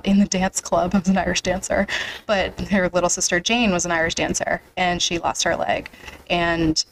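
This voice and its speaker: A woman's voice: fairly low pitch, slight background noise, low-quality recording. A young woman hosting a podcast, chatting casually and emotionally, with a lot of "like" fillers. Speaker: podcast host. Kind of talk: casual interview chat.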